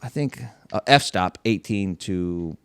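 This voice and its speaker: A man's voice: sits low, slow pace, clear, resonant tone. A young man, a podcast host, telling a casual story with lots of swearing and acted-out quotes. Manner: animated, swearing, acts out quotes.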